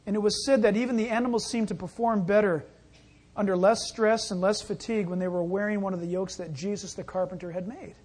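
A man's voice: sits high, fairly even intonation, quick pace, a little mellow, slightly rough. A male pastor preaching a sermon in a folksy, conversational way, with acted asides.

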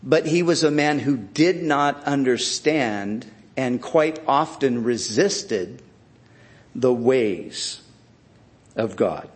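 Slow, deliberate male preacher. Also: medium pitch, expressive. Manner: slow, deliberate, with frequent restarts. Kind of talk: sermon.

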